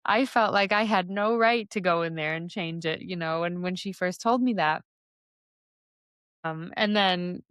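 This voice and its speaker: A young woman coach talks through her own podcast in a frank, rambling, conversational way, with fillers sprinkled through her thoughts. Her voice sits on the low side. The recording is close and dry, with no room sound. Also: normal speed, smooth, dry recording. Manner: candid, conversational, with frequent fillers. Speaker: podcast host and somatic embodiment coach. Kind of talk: reflective solo podcast monologue.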